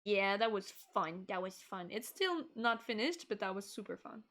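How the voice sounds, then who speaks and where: A woman's voice: medium pitch, lively intonation, normal speed, a bit bright. A woman VTuber hosting a casual stream, bubbly and scattered, laughing often while fiddling with her stream setup.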